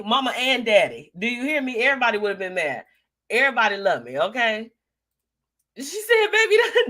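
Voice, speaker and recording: A woman's voice: sits low, fairly bright tone. A young woman hosting a live show, chatting casually and sassily while reading out viewer comments, with lots of slang and laughter.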